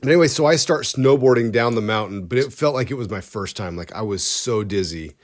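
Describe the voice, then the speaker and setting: A podcast co-host spins a casual, comic story that rambles along, and he keeps cutting himself off mid-sentence. His voice is lowish and brisk, with lively intonation.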